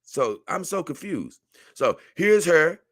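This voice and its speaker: A young man hosting a casual livestream, reading a text aloud and reacting to it in an animated, conversational way. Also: a little high, slow, dry recording, studio quality. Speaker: livestream host.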